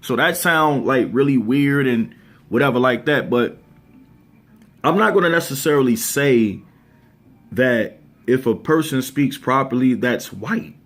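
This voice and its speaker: Laid-back man musing aloud. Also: mid-range voice. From Baltimore, USA. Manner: relaxed and thoughtful, pausing with frequent ums and restarts. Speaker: channel host. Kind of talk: casual opinion vlog.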